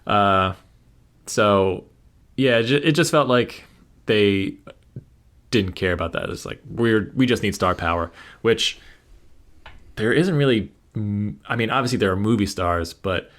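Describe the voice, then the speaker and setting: A man's voice: lowish voice, unhurried, long pauses, a bit bright. A man co-hosting a podcast, talking in an opinionated, rambling casual chat. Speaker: podcast co-host.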